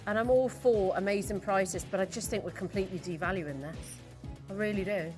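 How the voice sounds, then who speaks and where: A woman presenting live TV shopping in a studio, upbeat and excitable as she counts down stock and greets viewers. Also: mid-range voice, a little fast, faint music behind.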